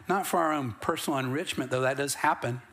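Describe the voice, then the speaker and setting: A man's voice: medium pitch, fast talker, fairly bright tone. A middle-aged man preaching a sermon as pastor, moving between plain, conversational storytelling and rising bursts of emphasis. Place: church sanctuary.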